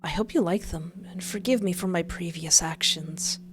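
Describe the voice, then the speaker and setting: A woman voicing a soft-spoken, possessive young male kidnapper who talks slowly and gently over barely held-back anger. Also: fairly low pitch, lightly acted. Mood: tender. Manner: slow, gentle, hushed, barely controlled anger.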